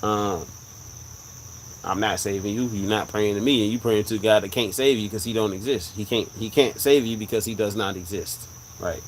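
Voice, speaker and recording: A man's voice: fairly low pitch, moderate pace, slight background noise, low-quality recording. A man hosting a live stream, telling a personal story earnestly and repeating his points for emphasis. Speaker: livestream host sharing a religious testimony. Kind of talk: live-stream casual talk.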